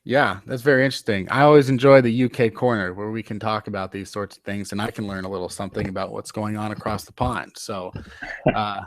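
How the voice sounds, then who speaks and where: A man's voice: on the low side, fairly even intonation, fast talker, no room sound. A man hosting a podcast, talking loosely with many fillers and restarts. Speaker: podcast host. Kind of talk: casual podcast chat.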